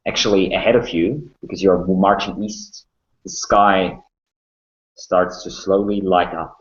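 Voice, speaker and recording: A man narrating a tabletop game as game master, calm and descriptive with some fillers, on a muffled lo-fi recording. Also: deep voice.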